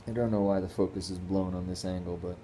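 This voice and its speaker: Deep, mellow-voiced man chatting at home. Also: level tone, quick pace, slight background noise. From Northeastern United States. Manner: rambling, easygoing, with restarts. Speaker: squirrel rehabber vlogger. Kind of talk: casual home vlog chat.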